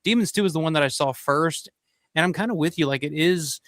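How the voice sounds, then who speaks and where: Man, host, casual live chat, smooth resonant voice, dry close sound. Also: on the high side, brisk, a bit bright, no echo. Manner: enthusiastic, swears casually.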